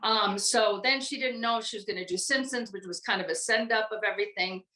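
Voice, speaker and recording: An older American woman recalling her acting career in a relaxed, rambling chat full of fillers. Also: medium pitch, fairly quick, echoey room, poor audio. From United States. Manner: chatty, rambling with many fillers. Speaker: guest voice actress. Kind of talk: casual interview chat.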